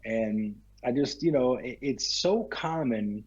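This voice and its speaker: Southern American male actor, husky, easygoing, dull video-call audio. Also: mid-range voice, animated, slow pace. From Kentucky, United States. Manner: easygoing, repeats words as he talks. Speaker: actor, interview guest. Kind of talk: casual interview chat.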